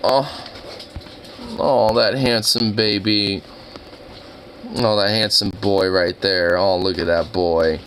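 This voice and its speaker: A livestreamer chatting casually on a live reaction stream, voice turning hoarse and raspy, excitable and swearing, squealing high when gushing. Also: takes it slowly, long pauses, slight background noise, low-quality recording.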